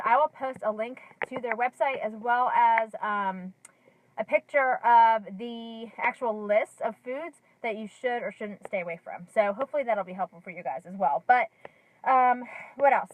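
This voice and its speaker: A woman's voice: fairly high pitch, poor audio. A woman in her thirties talking casually to camera from her car, chatty with many ums and likes, a little out of breath. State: slightly out of breath. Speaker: lifestyle vlogger.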